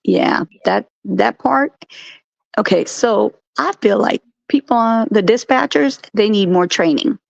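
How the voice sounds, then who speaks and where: A woman co-hosting a casual live stream chat, telling stories in an animated way. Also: medium pitch, a little slow, creaky, no echo. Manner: animated storyteller, acts out quotes. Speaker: co-host. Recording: dull, dry lo-fi stream audio.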